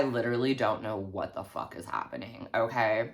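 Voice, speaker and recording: A woman's voice: low voice, lively intonation, normal speed, hardly any pauses, a bit bright. A woman telling a storytime vlog in a snarky, heavily profane way. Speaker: vlogger.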